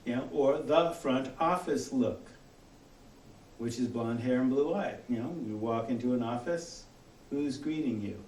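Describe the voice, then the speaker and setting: A man with a General American accent, teaching a college class in an easygoing, chatty way, often acting out little back-and-forth exchanges. The sound is roomy and echoey, taken from a mic set some way off across the room. His pitch sits in a middle range. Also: measured pace, a little mellow, recorded from a distance, slight background noise. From Los Angeles area, US. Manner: conversational, with many "you know" fillers and quoted dialogue. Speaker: college instructor. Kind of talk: classroom lecture. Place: lecture room.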